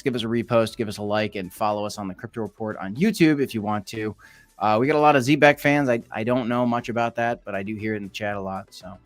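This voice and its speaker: A man's voice: lowish voice, fairly even intonation, fast talker, faint music behind. A young man hosting a casual crypto livestream, chatting loosely and reacting to viewer comments as he reads them out.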